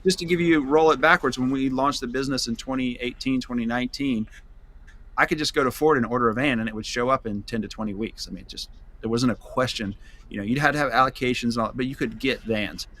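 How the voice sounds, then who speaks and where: A man's voice: medium pitch, fast, a bit bright, slight background noise. A man, the founder of a van company, talking as a podcast guest in a loose, rambling way with many fillers and restarts. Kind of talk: casual podcast interview.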